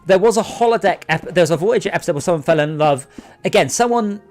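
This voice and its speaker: A man's voice: sits high, expressive, quick pace, darkish tone. A man chatting and joking casually on a gaming stream, often slipping into mock voices. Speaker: streamer co-host. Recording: faint music in background.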